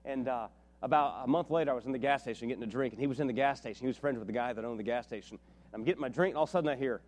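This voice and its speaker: A middle-aged man from West Virginia preaching a sermon, telling stories and rising to animated, shouted peaks. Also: mid-range voice, racing. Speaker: pastor.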